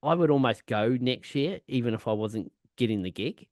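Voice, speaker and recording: Male podcast co-host, casual rambling storyteller, heavy swearing, mid-pitched, dry close sound. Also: lively intonation, moderate pace, a little mellow, dry recording. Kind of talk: casual chat.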